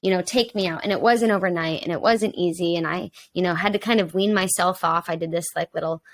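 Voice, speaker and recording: Candid young woman, low voice. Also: fast talker. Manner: open and personal, with many fillers like "um" and "like". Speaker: podcast guest and mentor to young women. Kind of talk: candid conversational podcast talk.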